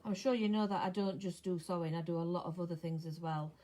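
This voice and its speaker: An older woman chatting casually as she sews, talking to herself and dropping into soft mutters. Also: fairly low pitch, fast. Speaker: sewing vlogger. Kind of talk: casual chat while sewing. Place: home sewing room. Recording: clear sewing machine noise behind.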